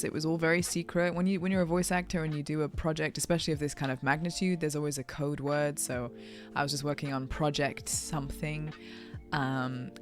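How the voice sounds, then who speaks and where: A woman voice actor chats in a casual vlog, bubbly and excited, with plenty of fillers and asides. Her voice sits low for a woman, and soft music plays faintly underneath. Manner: excited, chatty, lots of fillers.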